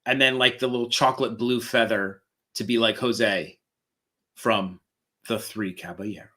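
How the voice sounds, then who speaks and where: A man's voice: fairly low pitch, steady tone, moderate pace, pushed and bright. A man who is a parent, co-hosting a casual live talk show, playful and jokey as he describes food items. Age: adult parent. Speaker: co-host of a Disney talk show. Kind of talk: casual live-stream chat.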